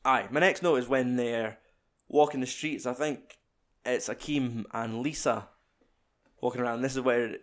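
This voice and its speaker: A man's voice: medium pitch, a little slow. A young man chatting casually about a film, rambling and swearing as he retells scenes. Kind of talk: casual film review chat.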